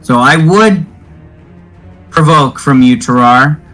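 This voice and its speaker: With soft music playing behind him and poor audio quality, a man with a fairly high, somewhat bright voice runs a tabletop game. He chats casually, explains rules in lengthy detail, and asks brief questions when confused.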